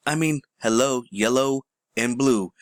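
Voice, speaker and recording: A man's voice: mid-range voice, unhurried, dry recording, clean studio sound. A man hosting a rambling commentary show, talking casually to his viewers and calling them folks.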